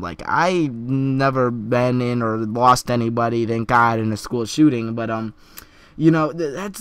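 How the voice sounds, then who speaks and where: An earnest young man talks through his opinions in a commentary vlog, stumbling and repeating words as he goes. His voice sits at an ordinary middle pitch and sounds close and dry, with no room around it. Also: fairly bright tone, dry recording. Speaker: vlogger.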